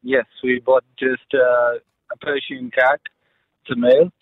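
A man's voice: mid-range voice, level tone, a little slow, no room sound. A man calling into a radio show, answering in short, hesitant phrases. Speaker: caller. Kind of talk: phone-in call. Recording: muffled phone line.

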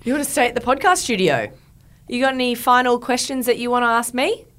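A woman's voice: on the high side, lively intonation, brisk, fairly bright tone. A woman in her thirties hosting a podcast in a studio, chatting casually and rambling with filler words. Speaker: podcast host.

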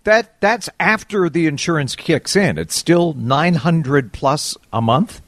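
A male radio co-host speaks with a lively, swinging pitch. His voice is dry and close, with no room sound around it. He comes across as reassuring and opinionated. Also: takes it slowly, no echo. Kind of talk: casual radio talk.

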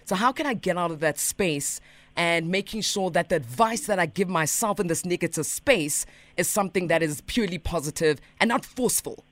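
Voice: medium pitch, lively intonation, a little fast, fairly bright tone, no room sound. A radio host in a studio interview, asking reflective questions.

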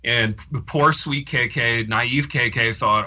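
A man with an intensely bright, tense-edged voice. He co-hosts a podcast, spinning an anecdote in loose, animated chat with self-deprecating asides. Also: mid-range voice, a little slow, hardly any pauses. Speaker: podcast co-host. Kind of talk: casual podcast storytelling.

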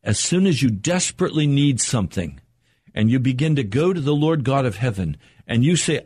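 An older man delivers a broadcast sermon with a husky, slightly breathy voice. He preaches earnestly and slows down to stress key points. The recording is dry and close. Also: mid-range voice, sing-song, a little mellow, dry recording. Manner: earnest, measured preaching with slow emphatic pauses.

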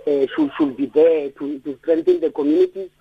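A man's voice: sits high, big pitch swings, fairly quick, creaky, no room sound. A South African man calling in to a radio show, speaking earnestly with stammered restarts. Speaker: caller. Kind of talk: radio call-in. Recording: dull lo-fi phone line.

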